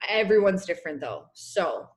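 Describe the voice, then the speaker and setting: A young woman coaching her business team on a casual video call, chatty and encouraging, clearing her throat as her voice wears out. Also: fairly low pitch, expressive, moderate pace. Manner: chatty, encouraging, many fillers. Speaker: network marketing coach.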